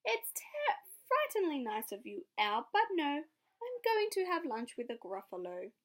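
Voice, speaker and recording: A cheeky, quick-thinking little mouse from a storybook, as a woman puts it on, pitched high and swooping. It is loud and bold, bragging its way past hungry animals. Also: huge pitch swings, exaggerated voice. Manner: bright, emphatic storybook read-aloud.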